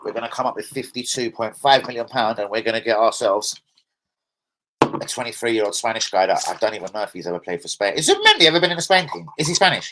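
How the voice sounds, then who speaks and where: Excitable, swearing football fan. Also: male voice, medium pitch, quick pace, background noise. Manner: excitable, swearing, slangy, rambling. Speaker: host of a football fan channel. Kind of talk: casual live-stream chat.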